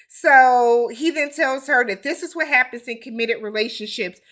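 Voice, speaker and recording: A woman hosting a casual reality TV recap, with blunt, animated commentary and slangy asides. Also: on the high side, normal speed, hardly any pauses. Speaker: TV recap host.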